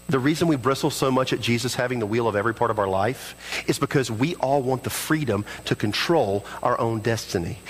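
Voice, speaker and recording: A man's voice: long reverb tail, low-quality recording. A man preaching a sermon as pastor, earnest, acting out prayers and dialogue in his own voice. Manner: earnest, acts out prayers and dialogue in shifting pitch.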